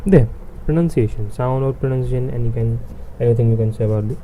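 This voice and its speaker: A man's voice: mid-range voice, fast, mellow, slight background noise, rough recording. A man teaching a beginner language lesson, repeating each sound several times with many fillers.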